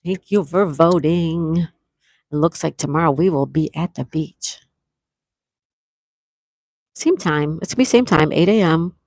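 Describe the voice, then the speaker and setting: A middle-aged woman with a deep, expressive voice talks at a normal speed, leaving long pauses. Out near calm water on a casual livestream, she reads viewer comments aloud and gently thanks everyone with sweet exclamations. There's no room sound, just clean studio audio.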